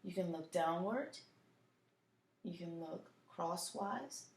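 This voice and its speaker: A woman teaching a French class, drilling verb conjugations slowly and patiently, often asking "right?". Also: on the low side, lively intonation, reverberant. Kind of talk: recorded classroom lesson, switching between French and English.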